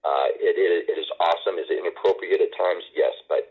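Middle-aged male guest, extremely low and husky, halting wry storyteller, heard through a tinny phone line. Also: steady tone. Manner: halting, many restarts and fillers, wry humor. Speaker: interview guest. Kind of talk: casual storytelling conversation.

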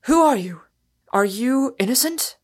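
A woman doing a desperate pleading gentleman. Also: fairly high pitch, measured pace, breathy edge, pitched above the performer's own voice. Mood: urgent. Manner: pleading, agitated. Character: anxious, exasperated young gentleman.

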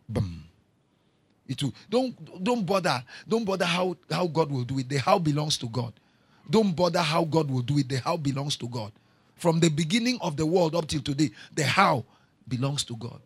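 Man, pastor, sermon, husky voice, dry close sound. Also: a little high, lively intonation, normal speed, dry recording. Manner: repetitive preaching, swings from quiet storytelling to shouting.

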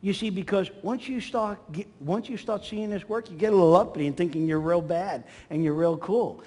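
Animated preacher man, echoing hall. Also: brisk. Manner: animated, acts out quotes with swings in pitch and volume. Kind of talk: sermon. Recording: long hall reverb.

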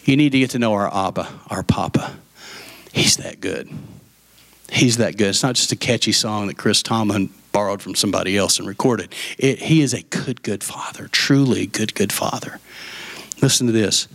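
Guy preaching, acts out the characters, gets loud and excited then drops to a whisper. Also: on the low side, brisk. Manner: animated storytelling, acting out voices of the parable. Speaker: pastor. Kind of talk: sermon.

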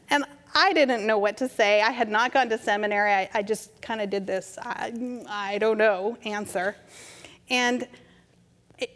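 A middle-aged woman with a somewhat high voice delivers a conversational sermon. She speaks gently and without hurry, telling stories that lead into her message. Her words ring out with a long reverb, as if spoken in a large church sanctuary. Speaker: preacher. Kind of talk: storytelling sermon. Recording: reverberant hall.

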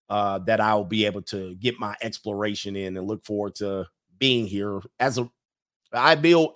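A man's voice: on the low side, a bit bright. A man from Southern California hosting a livestream, casually reading out and answering chat messages in a loose, joking way. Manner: loose, jokey, talks back to chat messages.

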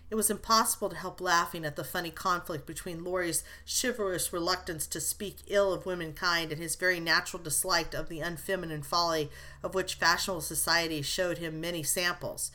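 A woman narrating a classic novel as an audiobook, in a measured storytelling manner. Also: lowish voice, fairly even intonation, pushed and bright.

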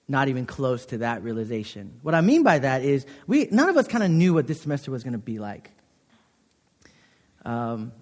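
Young man, chapel sermon, earnest and conversational, lots of fillers, slightly higher voice, long chapel reverb. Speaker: chapel speaker. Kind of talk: chapel sermon with personal story. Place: college chapel.

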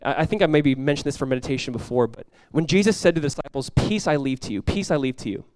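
A male pastor preaching in a conversational sermon style, dropping to a hushed voice when acting out prayers. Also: medium pitch, quick pace, smooth, no echo, clean studio sound.

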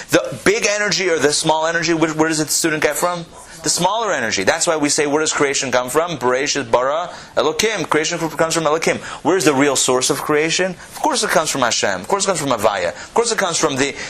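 A man teaching a Torah class, animated, repeating phrases and asking his listeners questions. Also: fairly high pitch.

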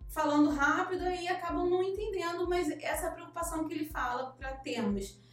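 A woman's voice: very high-pitched, quick pace. A woman from Brazil, co-hosting and recapping a guest's tips in casual explanation. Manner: recaps and translates the guest's points. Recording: very echoey room, distant mic.

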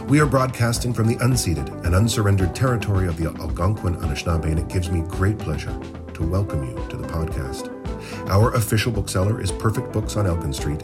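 A man with a low voice reads a formal, announcer-style introduction to his podcast. Loud music plays beneath his words. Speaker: podcast host, festival director.

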